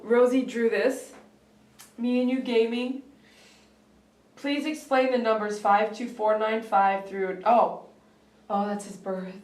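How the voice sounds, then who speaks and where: A woman's voice: fairly high pitch, a little mellow, echoey room. A woman hosting a live stream, opening gifts in an emotional, tearful way and laughing often. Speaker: host of a pet grooming channel.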